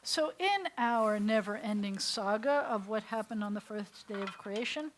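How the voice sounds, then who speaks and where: A woman's voice: mid-range voice, animated, normal speed, a little hiss or hum. Playful woman rabbi teaching a class. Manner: playful, leads call-and-response drills. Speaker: rabbi teaching beginning Hebrew. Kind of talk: classroom lesson. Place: synagogue classroom.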